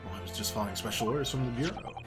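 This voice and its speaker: A man's voice: medium pitch, racing. A man hosting a let's play, reading game dialogue aloud with sarcastic asides and slipping into theatrical character voices. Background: game music.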